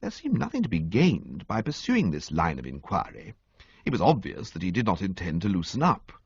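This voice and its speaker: A man narrating a comic audiobook with an expressive, sweeping storytelling delivery, on a dull, dry recording. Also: deep voice, brisk, husky, dry recording.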